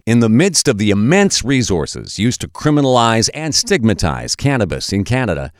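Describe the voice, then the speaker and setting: A man giving scripted documentary narration in a measured, expressive storytelling manner. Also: medium pitch, no room sound, studio quality.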